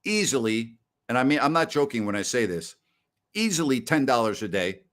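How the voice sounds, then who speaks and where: A man's voice: mid-range voice, very animated, a little fast. A middle-aged man hosting a sports talk stream, chatting casually in a rambling, blustery way. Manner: rambling, blustery, breaks into loud mock rants. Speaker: sports talk show host. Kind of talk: casual live-stream chat.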